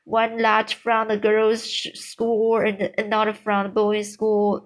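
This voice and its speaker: A woman reading a children's book aloud, unhurried, with small restarts. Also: mid-range voice, monotone, poor audio. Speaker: reader.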